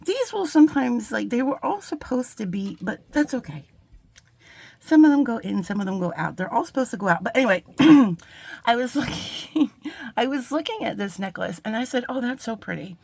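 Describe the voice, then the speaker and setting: A woman's voice: fairly high pitch, big pitch swings, moderate pace, gravelly, a little mellow, dry recording. Chatty woman at her craft desk. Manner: chatty, rambling, self-deprecating, with fillers. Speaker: jewelry-making channel host. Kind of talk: casual crafting tutorial. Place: home craft desk with a cat around.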